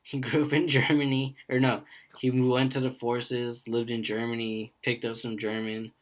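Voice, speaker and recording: A man's voice: medium pitch, little pitch movement, moderate pace. Rambling young man telling work stories. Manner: rambling storyteller who acts out quoted voices. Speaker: podcast co-host. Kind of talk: casual podcast chat.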